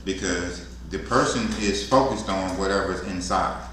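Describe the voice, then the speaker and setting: A man co-teaching a security class in a relaxed, colloquial way. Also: sits low, moderate pace. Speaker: security co-trainer. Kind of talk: casual instructional talk. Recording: very echoey room, faint noise.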